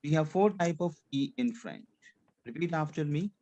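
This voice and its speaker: A man's voice: on the high side, expressive, normal speed, mellow, dull audio. A male French teacher running a class, repeating points and having students repeat after him, slipping French check-ins into his English. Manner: repetitive drilling, asks students to repeat; drops French checks like "c'est clair" into English. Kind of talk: language class instruction.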